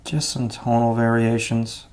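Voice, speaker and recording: A man explaining his drawing steps out loud as he works, in a relaxed, thinking-aloud way. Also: mid-range voice, unhurried. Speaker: art instructor. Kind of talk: drawing demonstration.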